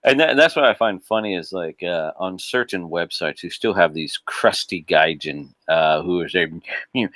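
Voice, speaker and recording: A man in casual podcast chat, animated, laughing often and restarting his sentences. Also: low-pitched, moderate pace, no room sound. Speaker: podcast guest.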